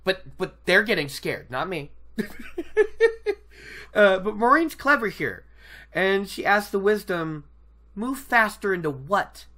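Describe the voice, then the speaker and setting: Animated, bright-voiced chatty book commentator. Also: medium pitch, takes it slowly, long pauses. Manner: chatty, digressive, laughs often. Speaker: book discussion host.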